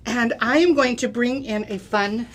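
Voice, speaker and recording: A woman's voice: a little high, measured pace, slight background noise. A middle-aged woman giving a chatty, step-by-step craft demonstration on a live show, checking in with "okay?" and "right?". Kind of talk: live craft product demo.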